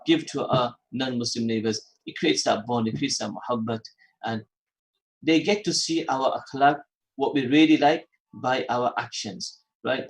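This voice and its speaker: A male host of a religious phone-in radio show, speaking at a middle pitch into a studio microphone. He repeats his points for emphasis and mixes in Arabic and Urdu terms as he reads out listener messages. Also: moderate pace, poor audio.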